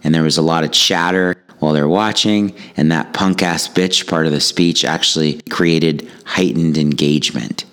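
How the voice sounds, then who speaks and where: A man with a remarkably deep, low voice tells a personal story. He speaks as a yoga teacher and speaker, calm and reflective, with a wry sense of humor running through the anecdote. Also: moderate pace, few pauses, clean tone. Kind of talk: storytelling monologue.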